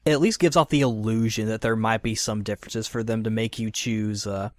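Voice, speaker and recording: A man's voice: fairly low pitch, fairly even intonation, brisk, no room sound, studio quality. A man hosting a casual podcast discussion, thoughtful and hedging, with many fillers and restarts. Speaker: podcast host.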